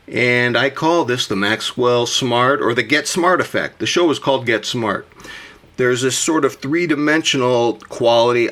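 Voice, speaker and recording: A man with a rough morning voice, hosting a casual vlog monologue about his collection. He gushes theatrically and talks to himself as he goes. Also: mid-range voice, sharp tone. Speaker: watch collector vlogger.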